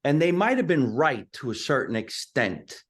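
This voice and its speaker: A man with a heavy New Jersey accent talks at a middle pitch. He tells stories with punch and energy and drops easily into little character voices. His style is relaxed, casual interview talk. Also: normal speed. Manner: animated, punchy storytelling, slips into character voices. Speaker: stand-up comedian, guest.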